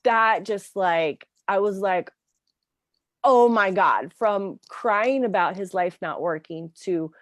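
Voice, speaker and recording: A woman's voice: mid-range voice, slow pace, few pauses, no echo. A woman career coach chatting casually in an interview, telling stories with lots of "like" and "um" fillers. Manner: animated storyteller, many fillers like "like" and "um".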